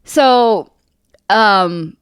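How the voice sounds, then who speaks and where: A woman army veteran telling stories in a casual chat, animated and swearing freely, acting out the people she quotes. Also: medium pitch, drawn-out words, clean tone, no echo, clean studio sound. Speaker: podcast guest, veterans service officer.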